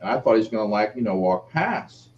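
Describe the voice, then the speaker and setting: A middle-aged man, an author being interviewed, telling a personal story and acting out the quoted voices. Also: fairly quick. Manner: lively, acts out quoted speech with shifting pitch. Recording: dull lo-fi audio with faint background noise.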